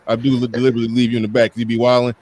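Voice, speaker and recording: A man hosting an online panel, keeping speakers in order with quick repeated calls. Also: mid-range voice, completely flat delivery, darkish tone. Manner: fast, repetitive, keeps order. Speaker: panel host. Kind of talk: casual online panel moderation.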